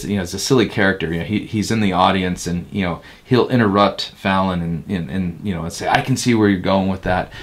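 Blunt, emphatic male pastor, low voice. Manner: emphatic and blunt, slipping into mocking quotes of others. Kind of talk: interview answer, critical commentary.

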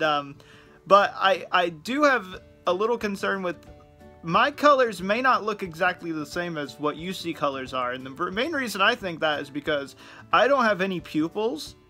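A man's voice: sits high, animated, moderate pace, bright, forceful tone, soft background music. A young man hosting his own video, chatting casually and joking to camera. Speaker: vlogger host.

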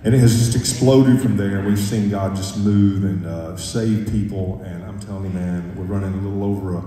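A man's voice: deep voice, steady tone, normal speed, warm tone. A man, a gospel singer giving a joking, folksy stage talk between songs in a church concert hall. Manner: folksy, joking, stirs the crowd up. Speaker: gospel quartet singer speaking to the audience. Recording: echoey hall, distant mic, crowd.

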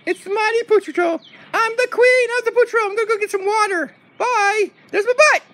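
A man voicing a bossy female dog who insists she is queen, in a shrill, insistent falsetto, outdoors in a backyard. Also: a little fast, bright, forceful tone. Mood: exuberant.

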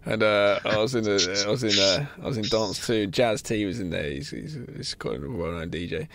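A man's voice: fairly low pitch, moderate pace, fairly bright tone. A man co-hosting a casual podcast, chatting and going off on tangents with personal stories. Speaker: podcast co-host. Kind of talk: casual film discussion.

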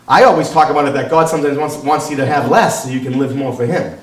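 A male pastor preaching a sermon, animated and quick to act out the voices of other people. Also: mid-range voice, echoey room, recorded from a distance, poor audio.

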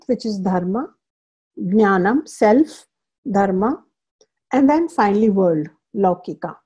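A woman spiritual teacher lectures a scripture class in a slightly high, mellow voice with a breathy edge. She drives points home by repeating phrases and explains terms in English along the way.

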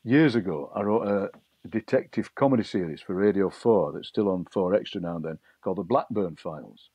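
A middle-aged man, a poet being interviewed, telling lively anecdotes and acting out voices he overheard. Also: low-pitched, brisk, slightly rough, dry recording. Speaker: poet and broadcaster, guest. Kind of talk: interview storytelling. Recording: dull lo-fi dry sound.

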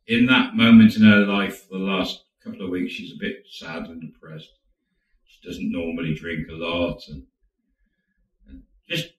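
A man's voice: deep voice, reverberant, far from the mic, low-quality recording. A man casually telling a true story, chatty and acting out quotes as he goes. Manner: chatty, acts out quotes, laughs now and then.

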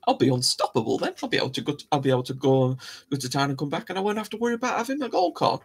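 A man's voice: medium pitch, gravelly, slightly rough. A man hosting a live show, talking in a rambling, chatty, self-mocking way. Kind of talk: casual live-stream chat.

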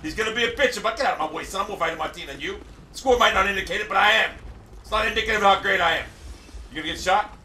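A man commentating his own gameplay live, cursing and boasting, often breaking into frustrated shouting. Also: high-pitched, rapid-fire. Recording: echoey room, distant mic, faint hiss.

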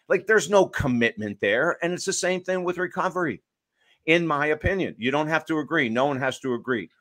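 A man, an author and addiction counselor, talking emphatically in a podcast interview and telling stories to make his points. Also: on the high side. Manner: emphatic, storytelling, lively asides.

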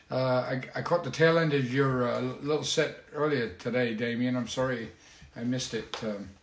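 A man hosting a casual livestream from his home, talking in a rambling, halting way with many fillers. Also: mid-range voice, steady tone, fairly bright tone, echoey room. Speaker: musician hosting a weekly livestream.

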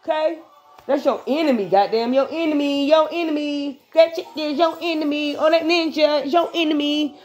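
A woman giving viewers a casual spiritual pep talk, profane and animated, laughing often and breaking into bits of song. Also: high voice, normal speed, lo-fi sound, faint music behind. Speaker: spiritual vlogger.

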